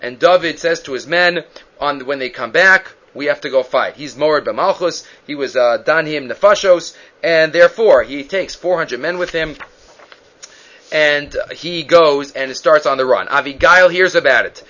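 A man's voice: fairly high pitch, measured pace, a bit bright. A man teaching a Bible class, retelling the story with animation and acting out the quoted speakers. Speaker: Torah teacher. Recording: dull lo-fi recording.

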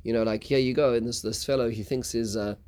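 A man teaching a casual Bible lesson, halting, with many stuttered restarts. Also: medium pitch, fairly even intonation, a little mellow. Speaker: Torah teacher.

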